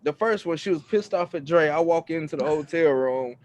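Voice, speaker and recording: A man's voice: a little high, a little fast, muffled recording. A middle-aged man co-hosting a podcast, telling family stories in casual chat and acting out quotes with lots of laughter. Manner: animated storytelling, acts out quotes loudly, laughs often. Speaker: podcast co-host.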